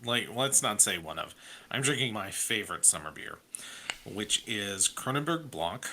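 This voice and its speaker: Man in his 30s, podcast co-host, rambling casual chat, lowish voice. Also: animated, normal speed, pushed and bright. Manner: rambling, many fillers and restarts.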